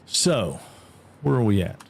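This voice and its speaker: Excitable gravelly streamer man. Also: fairly low pitch, slow pace. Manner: excitable, swearing, laughing exclamations. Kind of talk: live gameplay commentary.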